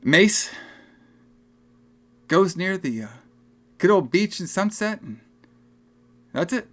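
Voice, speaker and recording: An excitable young man with a slightly higher voice recaps a film for his co-host. He talks loosely and with energy, jumping between plot points and swearing freely. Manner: animated, laughing, acts out film lines in quick voices. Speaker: podcast co-host. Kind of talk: casual movie recap chat.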